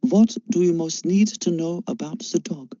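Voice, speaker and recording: A cool, detached mentor with a German accent asks calm, probing questions, played by a man. He speaks higher than the reader's own voice, with a dark, dull tone. The recording is dry and lo-fi. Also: moderate pace, dry recording, close to an everyday voice. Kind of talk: audiobook character voice.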